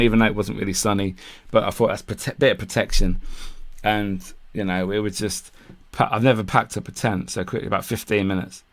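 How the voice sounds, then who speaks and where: Pitched fairly low with a fairly bright tone, a male podcast co-host recounts a drawn-out camping story over casual chat. He swears freely, acts out people's words, and laughs in the middle of telling it.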